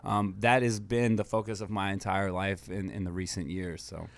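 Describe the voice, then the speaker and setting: An American man, a musician and producer, talking as a guest in a radio studio in a relaxed, reflective way, often saying "you know". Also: low-pitched, moderate pace, creaky. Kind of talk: casual interview chat.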